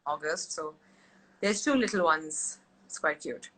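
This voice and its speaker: A young adult woman chatting casually as an interview guest, telling animated stories and slipping into quoted voices. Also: sits low, measured pace, poor audio. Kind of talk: casual chat.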